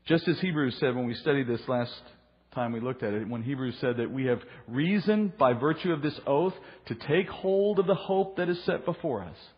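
Middle-aged pastor teaching in a reverberant hall. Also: male voice, lively intonation, moderate pace, slightly rough. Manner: earnest, explanatory, rises in pitch for emphasis. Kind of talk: sermon Bible teaching. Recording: long reverb, dull lo-fi sound.

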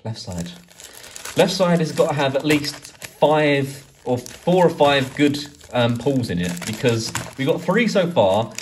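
A man chatting casually as he opens card packs, swearing and rambling excitedly. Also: medium pitch, unhurried, slight background noise. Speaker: card collecting YouTuber. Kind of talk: casual pack-opening vlog.

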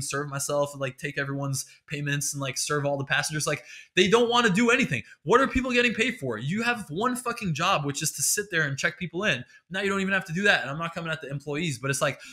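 A podcast host with a fairly high, pushed and bright voice launches into a comedic solo rant. It's rambling and exasperated, and full of profanity.

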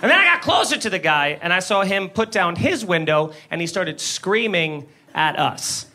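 A man doing an animated stand-up comedy set, swearing freely, laughing and shouting his punchlines. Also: high voice, normal speed, crowd noise, noisy background. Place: comedy club stage before a live audience. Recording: live club room with audience laughter.

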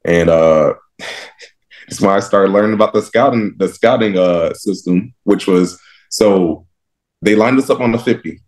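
A young man from Texas with a low, deep voice tells stories from his football life in a relaxed interview. He is animated, laughs often and acts out his younger self in his own words. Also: measured pace. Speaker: guest, professional football linebacker. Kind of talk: casual interview storytelling.

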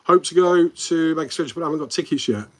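Talking fast in a voice on the high side, a man with a Midlands English accent hosts a casual live stream. He rambles and responds to viewer comments, trading friendly banter and calling them mate.

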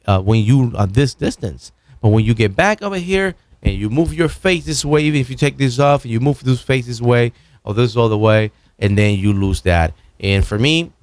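A man with a mid-range voice hosts a video casually demonstrating microphones at his home studio desk. He talks loosely and haltingly, restarting many times as he moves around an arm-mounted broadcast mic, so his distance from it keeps changing.

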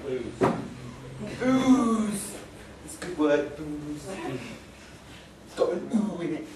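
Heard from a distance in an echoey pub function room, amid room noise and a murmuring crowd, a young man from England hosts a live comedy night as compère. He jokes, mocks himself, and teases and banters with the audience, speaking at a measured pace in a slightly high, steady voice.

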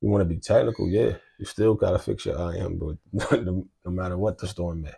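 A man's voice: sits low, a little fast, gravelly, dark tone, slightly rough. A man in his thirties, a husband talking easily and offering encouragement in a casual chat, often trailing off. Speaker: husband and co-host.

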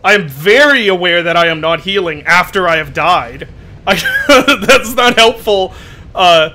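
A man's voice: high-pitched, animated, measured pace, bright, forceful tone, a little hiss or hum. A man with an unusual, odd-sounding voice, chatting in a rambling, self-deprecating way while streaming a game and exclaiming at his mishaps. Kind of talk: casual chat while playing a game.

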